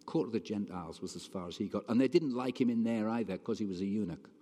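Conversational preacher in a reverberant hall. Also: male voice, on the low side, fast talker, warm tone. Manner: conversational, emphatic, asks the congregation questions. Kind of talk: sermon.

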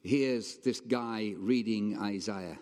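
A man's voice: fairly low pitch, takes it slowly, a little mellow. A man preaching a sermon in a conversational, emphatic way, often stopping to ask his listeners questions. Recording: long reverb hall.

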